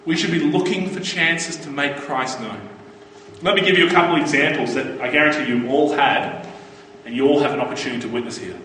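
Male preacher, high voice, earnest storyteller, distant mic in a reverberant hall. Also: fairly quick, a bit bright, a little hiss or hum. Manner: earnest, anecdotal, quotes others in brief voices. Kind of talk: sermon. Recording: echoey hall, voice from far off.

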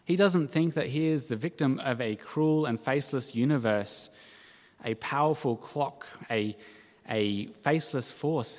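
A man's voice: medium pitch, darkish tone. Earnest preaching man in a reverberant space. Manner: earnest, measured preaching with dramatic quoted cries. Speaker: pastor. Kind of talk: sermon.

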